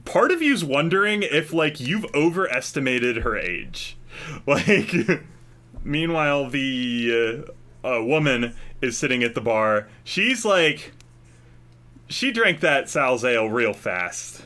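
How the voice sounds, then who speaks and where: A man's voice: medium pitch, very animated, takes it slowly, sharp tone. A man narrating a tabletop game as game master in a casual, hesitant way with many fillers.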